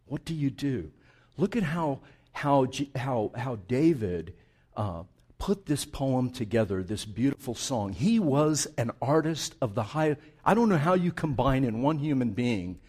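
Impassioned preaching man, fairly high voice. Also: husky. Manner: swings from hushed reflection to loud impassioned preaching; reads scripture aloud dramatically. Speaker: pastor. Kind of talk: sermon.

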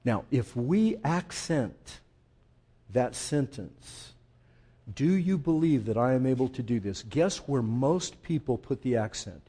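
A man preaching a conversational sermon, calling listeners folks and swinging from quiet intensity to loud emphasis. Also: medium pitch, lively intonation, slow, slightly rough. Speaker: pastor.

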